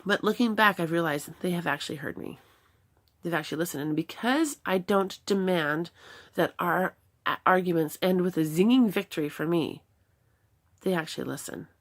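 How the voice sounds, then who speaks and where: A middle-aged woman speaking earnestly about parenting, reflecting on arguments with her son and demonstrating gentle replies. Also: on the low side, animated, normal speed. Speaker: parenting talk host. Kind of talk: personal advice talk.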